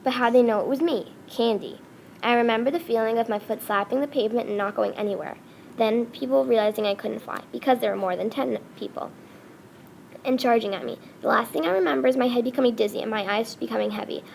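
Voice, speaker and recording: Halting woman reading her story aloud. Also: on the high side, vocal fry, darkish tone, a little hiss or hum. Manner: halting, with frequent restarts and self-corrections.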